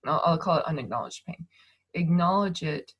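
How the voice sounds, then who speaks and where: A woman in her thirties, giving a gentle, reassuring talk over a video call and thinking aloud as she goes. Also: low voice, animated, normal speed, slightly rough, lo-fi sound. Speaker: speaker on emotions and manifestation.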